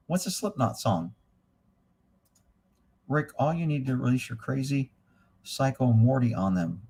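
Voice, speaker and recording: A middle-aged man hosting a casual livestream, blunt and crude, joking and reading viewer comments aloud. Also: on the high side. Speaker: livestream host reading chat. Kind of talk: casual profane livestream chat.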